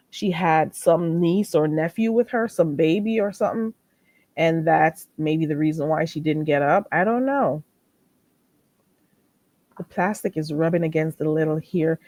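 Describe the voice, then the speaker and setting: A woman's voice: sits low, a little mellow, no echo. Woman streamer, casual rambling chat, dry room sound. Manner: chatty, rambling, frequent asides to chat. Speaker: live stream host.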